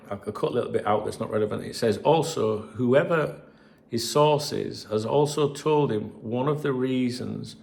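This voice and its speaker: A man reads messages aloud to his football channel viewers, stopping often for chatty, sweary asides. His voice sits at an ordinary pitch with a gravelly, creaky edge. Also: darkish tone. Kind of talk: casual solo commentary reading messages.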